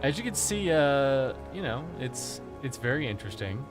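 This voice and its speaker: Commenting casually on his gameplay, a man with a mid-range voice speaks at a moderate pace with big swings in pitch. His talk is rambling, jokey and profane, with music behind him.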